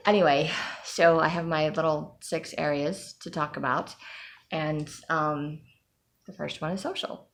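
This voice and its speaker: A woman's voice: low-pitched, creaky, fairly bright tone. A woman giving a candid, rambling personal update, with frequent ums and sighs. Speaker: vlogger.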